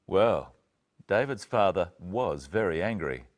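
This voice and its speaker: A man presenting an English lesson in a clear, careful scripted way, slowing down over the examples. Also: deep voice, lively intonation. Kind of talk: scripted teaching narration.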